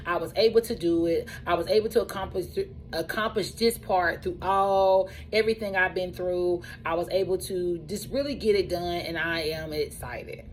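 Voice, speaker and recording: A woman who runs a truck driving school tells her own story in a casual, animated way, repeating phrases for emphasis. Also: on the low side, normal speed, few pauses, a little hiss or hum, rough recording.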